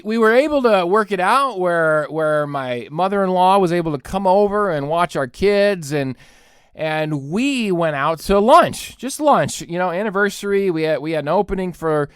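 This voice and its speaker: Lively, exasperated ranting man. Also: sits high, smooth, no room sound, clean studio sound. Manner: exasperated, sarcastic, acts out both sides of dialogues. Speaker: podcast host. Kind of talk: comedic rant.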